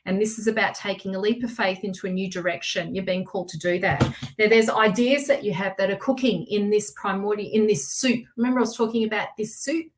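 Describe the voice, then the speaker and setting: A woman hosting a live tarot reading stream, talking to viewers by name in an excitable, chatty way and laughing often. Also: medium pitch, quick pace.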